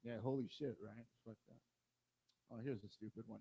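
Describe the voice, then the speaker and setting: A man doing stand-up on a small stage, delivering hesitant, deadpan one-liners. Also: medium pitch, fairly quick, gravelly, breathy edge. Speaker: comedian. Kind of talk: stand-up comedy set.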